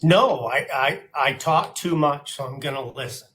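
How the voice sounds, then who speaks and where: A man's voice: a little high, animated, normal speed, fairly bright tone. Chill guy on a live call, stammers a bit, faint background hum. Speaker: livestream guest. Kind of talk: casual group chat on a livestream.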